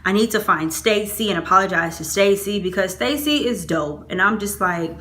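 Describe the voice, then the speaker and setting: A young woman in college telling a storytime vlog, animated, quoting herself with high exclamations and laughing between lines. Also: normal speed. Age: young adult. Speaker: vlogger. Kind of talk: storytime vlog, casual chat.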